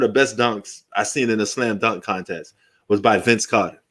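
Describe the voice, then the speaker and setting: A middle-aged man hosting a live sports stream, talking loosely and with lots of profanity as he reminisces and jokes about old highlights. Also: normal speed, fairly bright tone, breathy edge. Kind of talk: casual live commentary.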